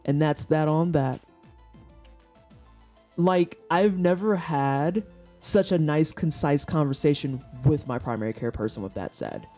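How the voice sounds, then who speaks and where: A woman in her thirties chats with her viewers in a relaxed, mellow voice. She tells her stories bluntly and candidly and swears without a second thought. Faint music plays low behind her desk microphone. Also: measured pace. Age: 30s. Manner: blunt, profane, candid storyteller. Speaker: streamer chatting with viewers. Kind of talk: casual chat. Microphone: desk microphone for headphone listeners.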